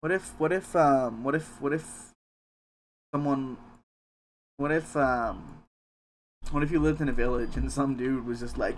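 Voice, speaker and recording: A man's voice: mid-range voice, a little slow, pauses often. A man live-streaming a game, chatting casually with viewers in a rambling, joking way with plenty of swearing. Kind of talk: casual live-stream chat while gaming.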